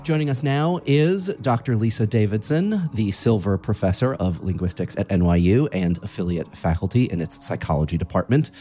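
A man hosting a podcast, narrating from a script and interviewing a guest with playful, animated storytelling. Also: normal speed, hardly any pauses. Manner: playful, animated storytelling with sudden leaps in pitch. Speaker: podcast host.

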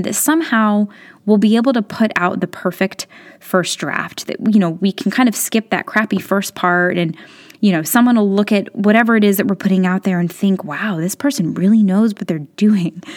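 A woman's voice: medium pitch, darkish tone. A woman in her thirties hosting her own podcast, talking straight to listeners in a chatty, encouraging way with lots of casual fillers. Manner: chatty and encouraging, many "like" and "you know" fillers. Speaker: podcast host. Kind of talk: solo podcast monologue.

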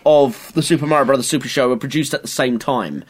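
A man's voice: mid-range voice, fast talker. A man, co-hosting a podcast in casual chat, joking and swearing while he recaps episodes. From England. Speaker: podcast co-host.

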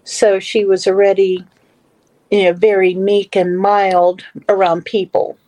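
A woman's voice: medium pitch, level tone, a little slow, warm tone, low-quality recording. A middle-aged woman telling a personal story as a guest in a casual talk, with many fillers and restarts. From Western Pennsylvania / Ohio area.

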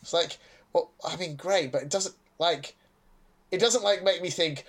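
A man's voice: fairly high pitch, moderate pace. A man co-hosting a podcast, chatting casually and sarcastically about a TV episode, often laughing. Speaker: podcast co-host. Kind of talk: casual chat reviewing a TV episode.

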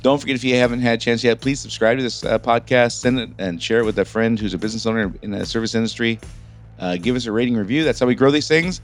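A man's voice: mid-range voice, quick pace, soft background music. A middle-aged man hosting a solo business podcast, talking informally and often stumbling and restarting his sentences. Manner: informal, stumbling over words with many restarts. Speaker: podcast host and business coach.

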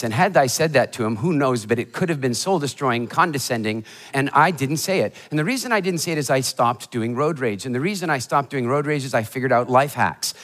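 A motivational speaker telling funny stories in a keynote talk before a live audience, animated and acting out the voices of people in his stories. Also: mid-range voice. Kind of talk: humorous storytelling keynote talk. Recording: hall reverb of a live talk.

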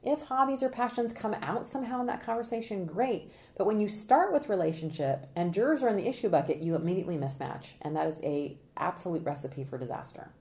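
A woman with a medium-pitched voice talks at a quick pace with few pauses. She's a podcast interview guest, a trial consultant and presentation coach who energetically acts out jurors' quotes, laughing as she goes.

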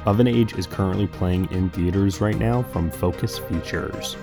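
A man reading a scripted podcast outro with smooth promotional delivery. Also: low-pitched, normal speed. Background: music bed.

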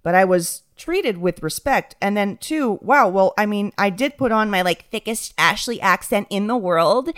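Animated young woman telling a story. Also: mid-range voice, moderate pace, hardly any pauses, clean tone. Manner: animated, acts out quotes in voices. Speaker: podcast co-host. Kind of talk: casual chat, storytelling.

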